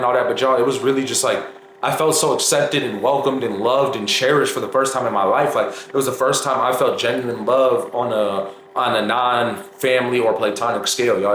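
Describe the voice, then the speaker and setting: A man's voice: fairly low pitch, fairly bright tone. A young man telling a personal story to his viewers in a chatty, casual way, often calling them y'all. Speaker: vlogger. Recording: echoey room with faint noise.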